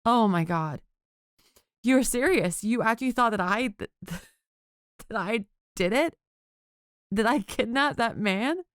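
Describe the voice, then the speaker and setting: A woman's voice: fairly high pitch, expressive, unhurried, clear, resonant tone, no room sound, clean studio sound, pitched above the performer's own voice. A woman voicing a grieving schoolteacher in an audiobook, shaky, tearful and bitter. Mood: incredulous. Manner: bitter, raised, emotional pleading. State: crying, voice shaking.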